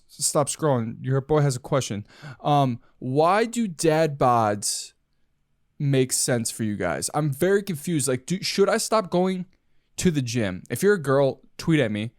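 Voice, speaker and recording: A young man chatting alone on his podcast, jokey and loose with plenty of "dude." His pitch moves around a lot as he talks. The sound is dry and close, as if recorded in a small room. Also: lively intonation, unhurried, dry recording. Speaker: podcast host. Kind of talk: casual solo podcast chat.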